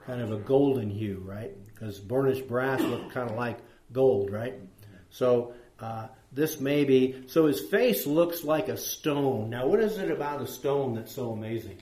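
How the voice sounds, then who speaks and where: A man's voice: medium pitch, a little slow, mellow. Brief: man, Bible study leader, conversational, questions to group, reads scripture, echoey room. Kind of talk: interactive Bible study teaching.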